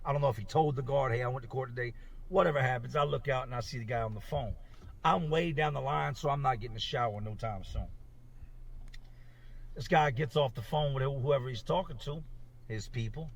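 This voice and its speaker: A man casually telling a rambling, animated story about his time in jail. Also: mid-range voice, a little fast, creaky, distant mic.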